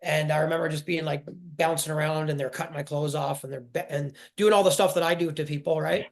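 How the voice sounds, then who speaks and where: A man in his forties telling his personal story in an interview, halting and emotional, often restarting his sentences. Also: fairly high pitch, steady tone. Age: 40s. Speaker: guest.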